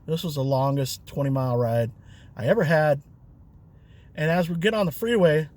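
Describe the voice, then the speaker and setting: A man's voice: fairly high pitch, darkish tone. A man, a rideshare driver and vlogger, telling a story in a chatty, loose way with fillers and chuckles. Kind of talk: casual storytelling.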